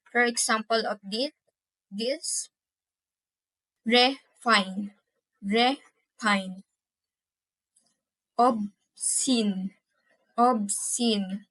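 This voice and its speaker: A woman's voice: on the high side, a bit bright, dry recording, rough recording. A young woman giving a class presentation on pronunciation, saying each example word twice, syllable by syllable. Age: young adult. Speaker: student presenter.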